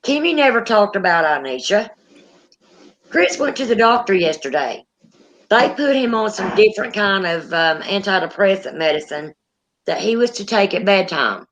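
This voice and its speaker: A woman's voice: mid-range voice, big pitch swings, moderate pace, a bit bright, low-quality recording. A woman hosting a casual paranormal chat, animatedly retelling a story and acting out the quotes. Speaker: paranormal channel host.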